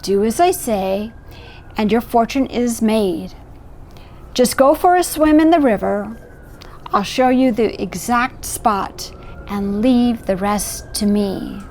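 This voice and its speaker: A woman's voice: fairly high pitch, takes it slowly, darkish tone, slight background noise. A woman voicing a clever, scheming male cat who bosses people and spins tall tales. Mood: confiding. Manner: urgent, bossy, persuasive.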